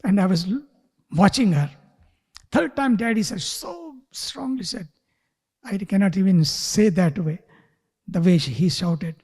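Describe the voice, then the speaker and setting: A man giving a spiritual talk who tells a story slowly and sometimes drops to a whisper. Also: high voice, animated, darkish tone, slightly rough, big-room sound. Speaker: spiritual teacher. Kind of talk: sermon with storytelling. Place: retreat hall.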